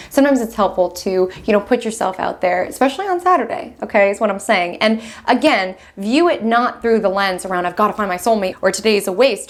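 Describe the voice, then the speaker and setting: A young woman hosting an astrology video, talking in a lively, chatty way from a room at home, often laughing between thoughts. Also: mid-range voice. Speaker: astrology host. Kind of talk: casual astrology vlog talk. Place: room at home with window open.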